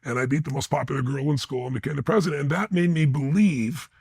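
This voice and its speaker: A man's voice: fairly high pitch, fast, vocal fry, a little mellow, breathy edge, dry recording. A man being interviewed, telling personal stories with intensity and blunt emphasis. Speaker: interview guest. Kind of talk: animated personal storytelling.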